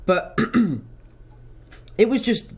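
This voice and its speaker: A young man from England, chatting in a casual live interview and answering in an upbeat, rambling way with many fillers and restarts. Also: very slow. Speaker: actor being interviewed.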